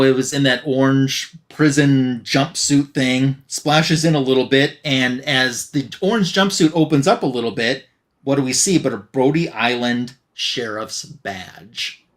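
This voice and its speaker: A man hosting a podcast, recapping a comic in an animated, casual way and acting out the dialogue. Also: medium pitch, moderate pace. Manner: animated storytelling, acts out dialogue. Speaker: podcast host.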